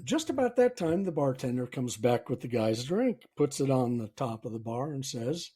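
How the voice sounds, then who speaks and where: A host tells a story in an unhurried, folksy way. His voice is mellow and slightly husky, and his pitch rises and falls a lot. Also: sing-song. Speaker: podcast host. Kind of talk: storytelling and self-help talk.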